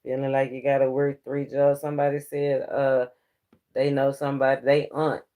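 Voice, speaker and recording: This tarot reader's voice is medium in pitch and warm in tone, yet monotone, moving at a moderate pace. In a casual spiritual reading he addresses his viewers directly, preaching at them and laughing frequently between points.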